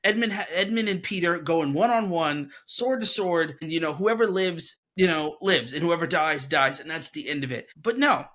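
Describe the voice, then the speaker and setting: Man, podcast co-host, casual chat, rambling and animated, swears a lot, fairly high-pitched voice. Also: moderate pace, hardly any pauses.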